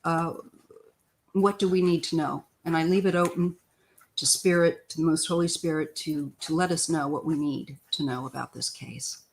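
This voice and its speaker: A woman's voice: low-pitched, steady tone, moderate pace. Older woman chatting through a tarot reading. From Missouri, US. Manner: rambling, chatty, frequent throat clearing. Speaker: tarot reader. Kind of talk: live-stream tarot reading.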